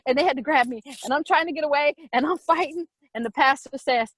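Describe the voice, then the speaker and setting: A middle-aged woman casually telling a personal story, animated, with quick repetitive retelling. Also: high voice, no echo, rough recording.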